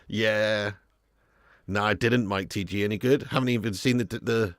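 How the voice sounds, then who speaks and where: A man's voice: mid-range voice, expressive, a little fast, no echo, studio quality. A man hosting a live football watch-along stream, chatting and laughing with viewers while a bit snotty and ill. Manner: chatty, reads chat aloud, laughs often.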